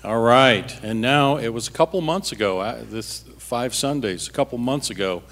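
A man's voice: medium pitch, normal speed, a bit bright. A man leading the church as pastor, closing a prayer and calling the next speaker to the platform.

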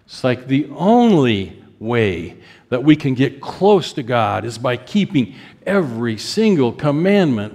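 Male preacher, fifties, emotive, pitch climbs when stirred, soft prayerful asides, long reverb. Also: sing-song, a little slow. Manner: acts out prayers of repentance. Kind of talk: sermon.

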